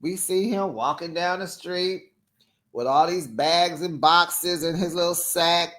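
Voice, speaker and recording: A reality TV reviewer giving casual commentary to the camera, animated and talking straight to the cast. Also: medium pitch, measured pace. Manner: animated, talks straight to the cast, acts out quotes.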